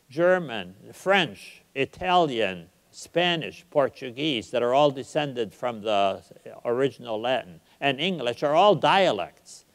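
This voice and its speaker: Older guy lecturing, emphatic, drags out the verse lines slow, big echoey hall. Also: a little high. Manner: emphatic, recites verse slowly. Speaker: guest lecturer. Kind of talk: public lecture.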